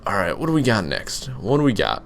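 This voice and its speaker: A young man with a slightly low voice chats casually through a gaming Q and A, rambling and restarting his sentences. A faint steady hum sits under his home mic recording. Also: brisk, vocal fry. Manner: rambling, full of fillers and restarts. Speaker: gaming YouTuber. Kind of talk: casual Let's Play commentary with Q and A.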